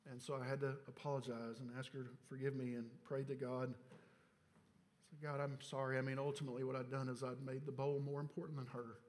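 A middle-aged man, a pastor telling a personal story in a sermon, moving between hushed confession and loud exhortation. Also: medium pitch, little pitch movement, a little fast. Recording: long church reverb.

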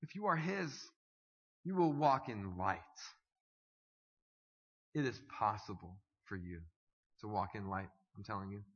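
A man preaching a sermon as pastor, swinging from hushed, slow lines to loud, stirring calls. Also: on the low side, breathy edge. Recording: dull audio with long hall reverb.

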